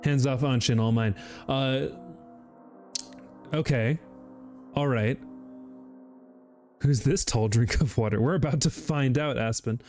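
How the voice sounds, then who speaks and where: A man streaming a game, giggling often, swearing, and breaking into sudden high shrieks as he comments to chat. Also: slow pace, long pauses, darkish tone, faint music behind. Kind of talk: gaming livestream commentary.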